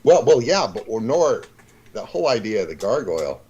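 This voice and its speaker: A man talking as a guest in a casual conversation, rambling and halting, with many restarts. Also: on the low side, big pitch swings, dark tone, husky, rough recording.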